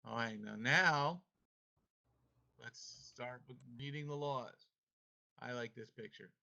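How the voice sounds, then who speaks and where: Bright, emphatic man teaching over video call. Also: medium pitch, slow pace, vocal fry. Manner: emphatic, playful, coaxing students. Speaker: teacher leading a devotional class. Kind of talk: online class devotional and Torah reading. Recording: muffled video-call audio.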